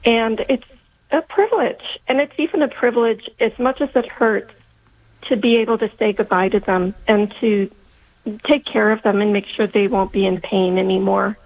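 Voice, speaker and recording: A woman's voice: medium pitch, fairly even intonation, moderate pace, darkish tone. A woman in her fifties calling into a radio show over the phone, speaking heartfelt and faith-filled. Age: 50s. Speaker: caller. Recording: phone line.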